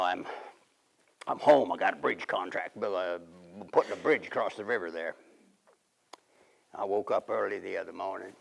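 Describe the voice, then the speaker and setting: A man playing a gravelly 1880s riverboat man. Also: low voice, full character voice. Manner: folksy, rambling storyteller. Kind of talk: period character monologue.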